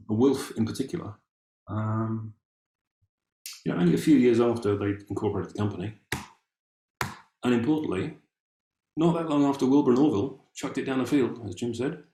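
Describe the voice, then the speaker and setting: A man's voice: mid-range voice, gravelly, dark tone, roomy sound. An Englishman giving a casual, musing talk, wry and full of ums and restarts as he reads from old documents. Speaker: amateur family historian presenting.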